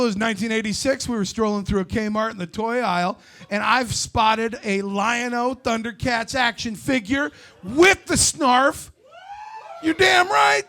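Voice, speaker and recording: A man in his forties doing a stand-up comedy set, brash and loud with crude storytelling. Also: very high-pitched. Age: 40s.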